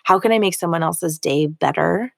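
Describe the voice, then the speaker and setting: A woman's voice: lowish voice, moderate pace, creaky, no room sound, studio quality. A woman co-hosting a podcast from home over a call, chatting casually in a bubbly, jokey way while reading from notes. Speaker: podcast co-host.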